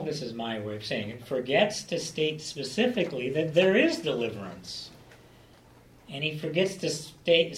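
A man leading a Bible study lecture, teaching in an earnest, emphatic expository way. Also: on the high side. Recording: echoey room, mic far off, faint ambience.

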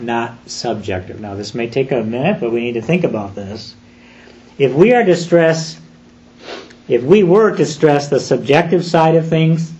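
A man preaching an expository sermon, deliberate and emphatic, slowing down on key phrases. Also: medium pitch, darkish tone, dull audio.

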